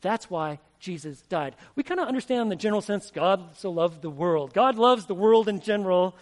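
A man's voice: high-pitched, expressive, moderate pace. A man preaching a sermon as pastor, emphatic and asking the congregation questions. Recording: long hall reverb.

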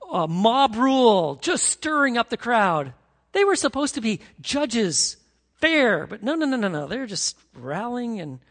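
A man preaching a sermon as pastor, emphatic and animated, reading scripture dramatically. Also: high-pitched, in a large hall.

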